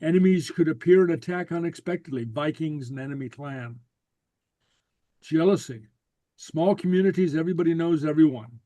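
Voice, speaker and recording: A man teaching a Gaelic class over a video call, relaxed and full of fillers and repeated okays. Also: on the high side, moderate pace, no room sound.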